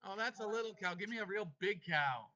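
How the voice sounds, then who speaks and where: A man's voice: high voice, animated, fairly quick, bright, forceful tone. A man leading an online devotional class, emphatic and playful as he coaxes his students along. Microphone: video call. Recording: muffled video-call audio.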